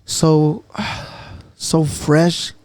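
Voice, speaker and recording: A man's voice: on the high side, flat delivery, extremely slow, darkish tone, no room sound. A man co-hosting a podcast, talking casually and emotionally about faith, calling his co-host "bro" and "dude". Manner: emotional, repeats "bro" and "dude", acts out God's words.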